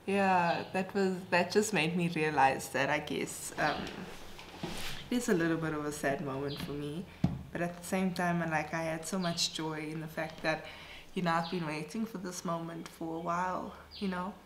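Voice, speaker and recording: A woman's voice: sits low, steady tone, moderate pace, background noise. A woman filming a casual home vlog as a mother, talking in a chatty, emotional way with lots of fillers. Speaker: vlogger, mother. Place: home, indoors.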